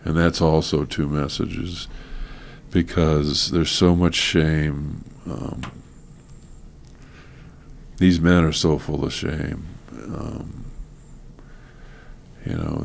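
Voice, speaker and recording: A man speaking as a guest minister in an interview, earnest and halting, with many fillers. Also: very deep voice, creaky, a little hiss or hum. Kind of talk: conversational interview.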